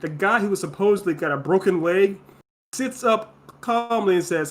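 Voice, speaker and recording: A man co-hosting a podcast, talking over a TV show in casual chat with blunt, emphatic remarks. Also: sits high. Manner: emphatic, quick to call characters idiots. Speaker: podcast co-host.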